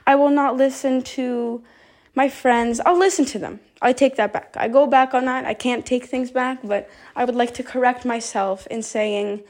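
Her voice is high with a darkish tone as she records a voice memo. It's a confessional monologue, rambling and heartfelt, and she talks to the listener straight, upset and fixing her words as she goes.

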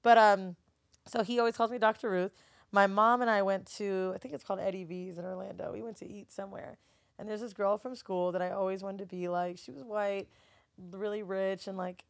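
Brief: woman podcast guest, candid, swears freely, mid-pitched, dry close sound. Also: creaky, dry recording. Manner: candid and profane, acts out relatives' voices. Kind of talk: casual chat.

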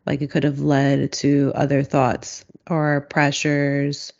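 A person in a reflective casual conversation, speaking slowly and searchingly with many fillers. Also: medium pitch, completely flat delivery, gravelly, lo-fi sound.

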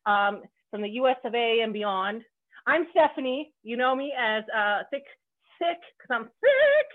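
Upbeat woman podcast host from Canada, fairly high voice, loose and joking, cheerfully profane, tinny narrow line. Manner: bubbly, joking, swears freely. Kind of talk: casual podcast chat. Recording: phone-like narrow band.

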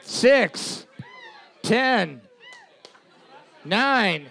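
A man's voice: high voice, sing-song, very slow, vocal fry, sharp tone, some chatter behind. A man co-hosting a bar trivia night, reading out scores and teasing his partner with crude jokes. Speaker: trivia co-host.

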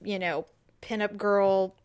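A woman's voice: mid-range voice, steady tone, slow pace, clear, resonant tone. A woman co-hosting a casual chat, telling stories animatedly and laughing often. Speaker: podcast co-host.

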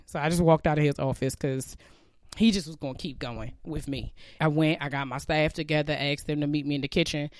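A woman's voice: low-pitched, fairly quick, no echo, studio quality. A woman hosting a personal faith podcast, talking candidly with many fillers and getting teary. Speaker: podcast host. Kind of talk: casual personal faith talk.

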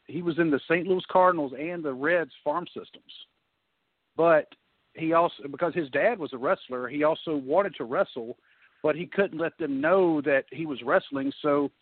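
A man co-hosting a podcast leans into trivia, his voice slightly high and carried over a thin, phone-like line. The sound is dry and close. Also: dry recording. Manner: shares trivia eagerly. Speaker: podcast co-host. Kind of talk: casual podcast chat.

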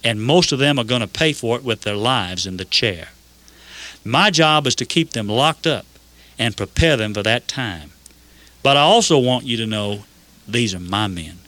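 A man voicing a stern but caring prison captain with a Georgian accent, speaking firmly and slowly. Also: fairly low pitch, expressive, bright, forceful tone.

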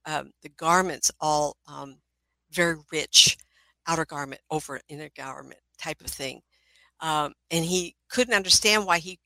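A middle-aged woman, a psychic, telling personal stories in an animated way, with frequent laughter and asides. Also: on the low side, dry recording, low-quality recording. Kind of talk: storytelling talk.

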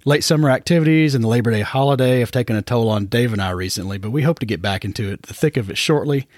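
A man's voice: medium pitch, no room sound. Male podcast host, laid-back and conversational, mid voice, dry close recording. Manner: relaxed, unhurried, trailing off with fillers. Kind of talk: casual podcast chat.

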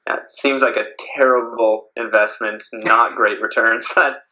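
A man's voice: mid-range voice, fairly even intonation, a little slow, sharp tone, lo-fi sound, slight background noise. A man, a podcast guest, chatting casually with lots of fillers and frequent laughs. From Canada. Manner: rambling, laughs often, many fillers. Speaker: podcast guest, beach volleyball player. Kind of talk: casual interview chat.

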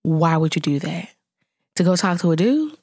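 Speaking at a moderate pace in a lowish voice, a thirty-something mom shares a story with her vlog audience, letting off steam through exasperated, lively outbursts. The studio recording is clean, with no echo.

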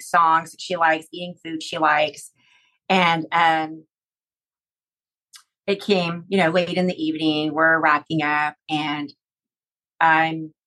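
A middle-aged woman speaking as an interview guest, her voice sitting a little low. She talks in a halting, emotional way, pausing often and filling gaps with small words. The delivery stays conversational and heartfelt. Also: bright, forceful tone, rough recording. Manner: halting, emotional retelling with many fillers.

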